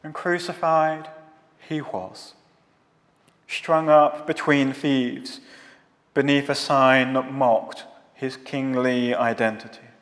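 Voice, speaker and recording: A man giving a measured, solemn sermon, building long rhetorical lists. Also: medium pitch, fairly even intonation, fairly bright tone. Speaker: preacher. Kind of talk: scripted theological sermon. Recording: long hall reverb.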